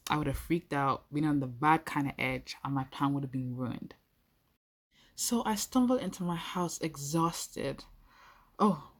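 A young adult woman telling an intimate first-person role-play story, playful and speaking straight to the listener. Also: deep voice.

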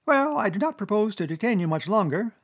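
A man voicing a pompous male weasel chief making a smug banquet speech in a high, squeaky voice. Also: big pitch swings, a little fast, husky, exaggerated voice.

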